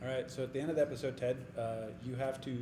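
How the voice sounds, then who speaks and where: A man's voice: mid-range voice, fairly even intonation, fast talker. A man co-hosting a casual podcast who runs the episode segments and drops dry, short quips. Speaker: podcast co-host. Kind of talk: casual chat. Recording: echoey room with audible noise.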